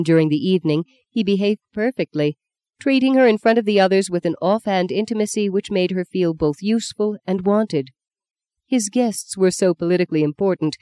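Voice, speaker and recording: Brief: steady novel narrator, mid-pitched, dry studio read. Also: dry recording. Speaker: audiobook narrator.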